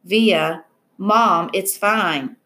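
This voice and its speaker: A woman's voice: mid-range voice, very slow, sharp tone. A woman voicing a fifteen-year-old girl who speaks in a curt, spiteful way. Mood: resigned.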